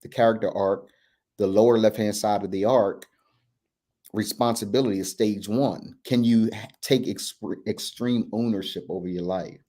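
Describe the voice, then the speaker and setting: A man's voice: on the low side, fairly even intonation, normal speed, warm tone. A man, a men's coach hosting a candid talk, earnest and reflective, often restarting and checking in with "right?". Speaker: men's coach and podcast host.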